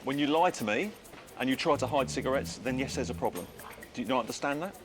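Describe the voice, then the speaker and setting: A man working as a customs officer questions a traveller firmly and sternly. He talks fast at a middle pitch. Music can be clearly heard underneath his voice. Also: lively intonation. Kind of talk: documentary interrogation.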